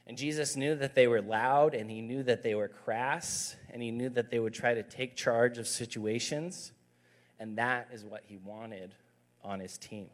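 A man's voice: mid-range voice, fairly even intonation, unhurried. A man in his thirties, a youth pastor, giving a conversational, emphatic sermon with stories.

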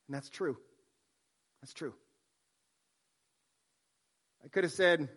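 A man, a pastor, preaching a sermon, swinging from soft hushed line endings to loud emphatic lines. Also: sits high, very animated, takes it slowly, pauses often.

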